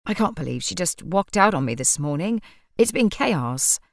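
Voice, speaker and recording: Storybook role: woman doing a harassed, huffy male shopkeeper, lively voice, dry close sound. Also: on the low side, normal speed, gravelly, dry recording. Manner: pleading, huffy. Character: flustered mild-mannered male shopkeeper.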